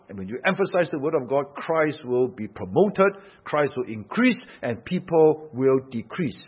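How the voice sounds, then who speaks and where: A man's voice: medium pitch, husky. A man preaching a sermon, emphatic, asking rhetorical questions and swelling and dropping his force. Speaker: pastor. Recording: dull lo-fi sound.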